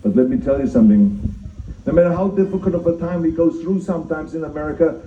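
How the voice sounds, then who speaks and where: An older man with a German accent speaks quickly in a fairly high voice as the keynote at an outdoor citizenship ceremony, emphatic, repeating his main points and making self-deprecating jokes. The recording is an audience phone capture of his mic, distant, echoey and dull, with a little background noise.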